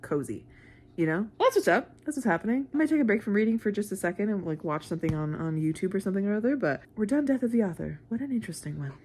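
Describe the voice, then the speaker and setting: A woman talking casually at home for a weekend book vlog. She is chatty and expressive and laughs often. Her voice sits in a middle pitch. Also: breathy edge. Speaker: book vlogger.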